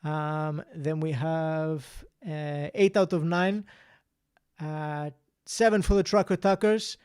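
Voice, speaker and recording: A man's voice: a little high, steady tone, takes it slowly, darkish tone, clean tone. A man hosting a casual live-stream quiz, chatting, reading out answers and scores, and laughing often. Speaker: quiz host.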